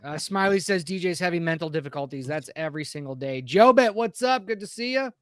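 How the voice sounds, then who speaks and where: A casual American man with a fairly high voice chats on a live podcast stream. He rambles and greets viewers by name, and his voice sounds dry and close. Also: animated, a little fast, a bit bright, clean tone, dry recording. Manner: rambling, reads out chat names. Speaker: podcast co-host.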